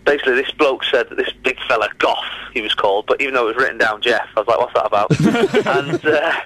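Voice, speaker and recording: A man with a Northern English accent, a comedian chatting as a guest in a casual radio interview, telling stories with quick laughs and asides. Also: mid-range voice, lively intonation, fairly bright tone, no echo, low-quality recording.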